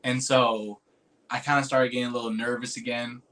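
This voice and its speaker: Speaking a little fast in a medium-pitched, flat, pushed and bright voice, a man tells a rambling personal story packed with "like" and "dude." He swears freely and grows earnest and emotional when recalling moving moments.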